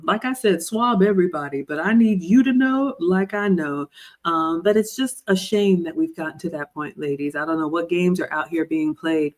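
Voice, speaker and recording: Animated woman hosting a livestream. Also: deep voice. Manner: animated, reads viewer comments aloud and riffs on them. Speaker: livestream host. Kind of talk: casual livestream chat reading comments.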